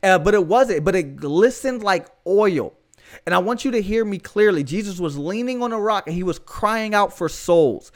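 A man's voice: sits high, animated, normal speed. A man hosting a podcast, telling a testimony in a fervent, emphatic way with casual asides to his listeners. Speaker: podcast host.

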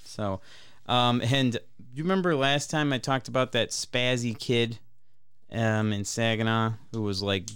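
Smooth-voiced man telling a rambling story. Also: medium pitch, unhurried, fairly bright tone. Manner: rambling, profane, often laughing mid-story. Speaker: podcast co-host. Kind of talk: casual storytelling chat.

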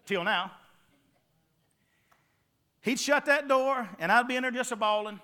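A middle-aged man from North Carolina with a Southern accent delivers a sermon in a folksy storytelling manner. His voice sits high and sounds bright and forceful. He keeps checking in with the congregation as he goes. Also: unhurried. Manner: folksy storytelling with call-and-response asides. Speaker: preacher.

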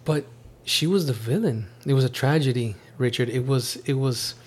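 Animated rambling man hosting a chat. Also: medium pitch, normal speed, husky. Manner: rambling, animated, many restarts. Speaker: podcast host. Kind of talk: casual chat reviewing a TV series. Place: at a home.

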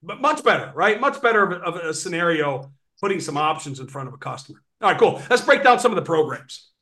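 High-pitched male presenter, animated sales coach on a video call. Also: fast talker. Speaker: webinar presenter on sales financing. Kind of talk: energetic sales training talk.

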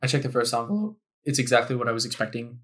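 Young male podcast host, casual solo storytelling, frustrated and expletive-heavy, with big upward pitch jumps. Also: expressive, fast talker, a bit bright, husky. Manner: exasperated, swearing, voice jumps high when frustrated.

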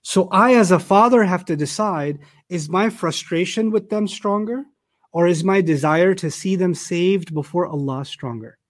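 A man's voice: sits high, normal speed. A man giving a Quran commentary lecture, emphatic and repeating phrases for stress. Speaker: Quran teacher.

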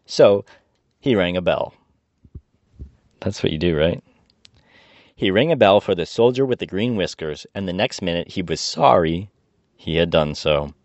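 A man with a low voice reads a children's storybook aloud, tossing in dry, sarcastic remarks between passages. The sound is close and dead, with a dull, muffled top end. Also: animated, measured pace, pauses often, no room sound. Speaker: podcast host reading a book aloud. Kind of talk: casual storybook reading with wry asides.

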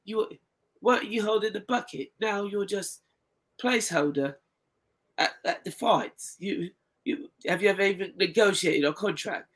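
Bright-voiced man mocking on a podcast. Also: high voice, normal speed. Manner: animated, mocking, talks over others. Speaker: podcast co-host. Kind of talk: casual boxing chat.

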